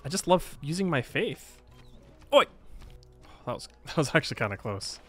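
A man's voice: a little high, sing-song, a little fast, soft background music. A man giving casual let's-play commentary on a strategy game, playful and self-mocking, laughing often. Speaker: gaming video creator.

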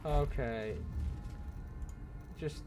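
A young man commentating on his gameplay, excitable, swearing and yelling at the game. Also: mid-range voice, very slow, music in the background. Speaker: gaming video host.

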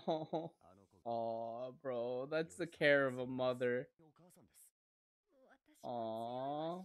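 A woman hosting an anime reaction, moving from soft cooing to loud excited squeals and swearing freely. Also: extremely low pitch, drawn-out words.

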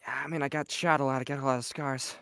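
A man playing a scarred young male gunslinger who speaks low and subdued, trailing off at the ends of his lines. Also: level tone, fast talker, fairly bright tone, clear, resonant tone, no room sound, studio quality, lightly acted. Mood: wistful.

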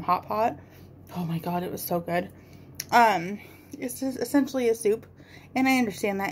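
Woman, 30s, home makeup vlogger; chatty rambler with a gravelly edge, faint hiss behind. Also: mid-range voice. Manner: rambling, chatty, swears casually. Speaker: beauty vlogger. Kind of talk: casual rambling chat while doing makeup.

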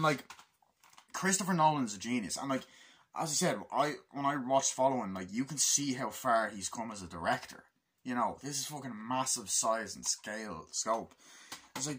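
A young man with a husky, medium-pitched voice gives a casual spoken movie review. Excited and swearing heavily, he acts out scenes in a raised voice.

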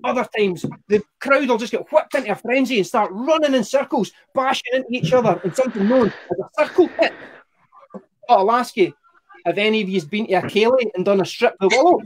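A young Scottish man performing a stand-up set, wry and profane, with a deadpan storytelling delivery. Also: very high voice, fairly quick, slight background noise. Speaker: stand-up comedian.

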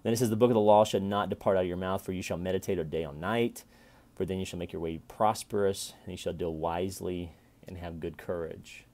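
A man in his forties giving a casual Bible reflection to camera, chatty and repetitive, with sudden loud playful callouts. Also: sits low, steady tone, fairly quick. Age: 40s. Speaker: vlogger reading and reflecting on scripture.

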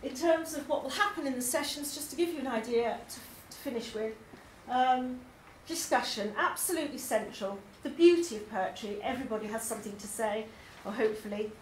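A woman's voice: a little high, fairly quick, few pauses. An English woman presenting her poetry course to a group, enthusiastic and chatty with frequent ums. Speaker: poetry tutor. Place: labour club hall. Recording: echoey hall, faint noise.

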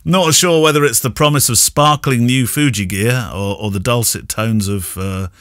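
A man from Yorkshire, England, with a received pronunciation English accent co-hosts a casual podcast, chatty and playful and laughing often. His mid-range voice is unhurried and a bit bright, in clean studio quality with no echo.

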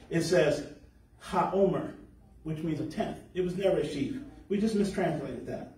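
A man giving a sermon on scripture, explaining verses and slowing down to stress key words. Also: fairly high pitch, warm tone. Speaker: congregation teacher. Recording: echoey room, voice from far off.

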